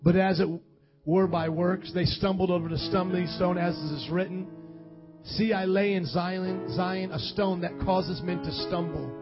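A man preaching a sermon and reading scripture aloud, dramatic, swinging from loud calls to quiet low reading. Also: steady tone, unhurried. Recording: dull lo-fi sound with faint music.

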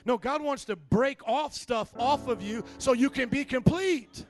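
A man preaching a lively, sassy sermon as pastor, calling out to the congregation. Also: high voice, normal speed, few pauses, over music.

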